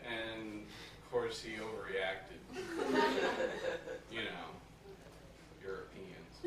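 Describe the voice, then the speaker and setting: A man doing a stand-up routine, playing an ignorant bigot persona with a slow deadpan delivery that keeps breaking into laughter. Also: mid-range voice. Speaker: stand-up comedian. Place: party venue with a live audience. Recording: echoey room, far from the mic, loud noise.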